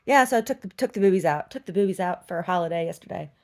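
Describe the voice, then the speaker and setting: A woman's voice: lowish voice, lively intonation, racing. A middle-aged woman chatting casually and bawdily, laughing often and cooing at her dog. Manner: bawdy, giggly, talks baby-talk to her dog. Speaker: vlogger. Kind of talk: casual chat.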